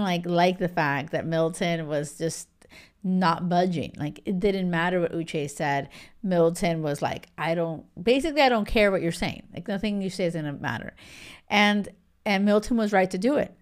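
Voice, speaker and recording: A woman in her thirties hosting a casual reality TV recap, gushing and animated with lots of filler words. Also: on the low side, smooth. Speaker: podcast host.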